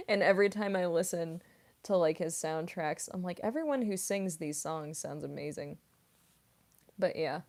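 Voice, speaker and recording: Chatty woman with a lowish voice. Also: a little slow, long pauses, a little mellow. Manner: chatty, many fillers like "like" and "um"; classically trained singer. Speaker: voice actress and streamer. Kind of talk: casual livestream chat, reading comments.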